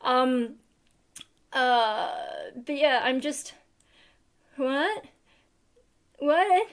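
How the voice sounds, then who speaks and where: An Australian woman hosts a livestream from a room at home, casually answering viewers with lots of fillers and giggles. Her voice is high and expressive, and she speaks extremely slowly.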